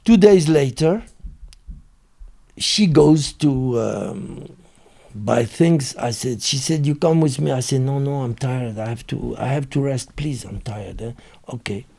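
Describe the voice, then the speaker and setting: A man with a French accent tells a story as an interview guest. His voice is gravelly and husky, with a dark, mellow tone. His English is broken and halting, full of fillers and restarts. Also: medium pitch. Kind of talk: casual storytelling.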